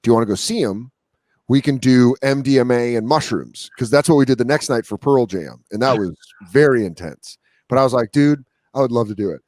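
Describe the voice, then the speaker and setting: Man telling lively stories, dry studio sound. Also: medium pitch, a little fast, no echo. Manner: animated storytelling, acts out quotes. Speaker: guest comedian. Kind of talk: casual chat.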